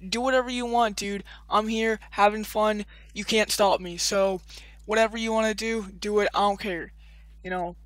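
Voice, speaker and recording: A man's voice: high-pitched, fairly bright tone, dry recording, rough recording. A man doing a profane, defiant rant as a YouTuber addressing his viewers. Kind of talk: ranting vlog to camera.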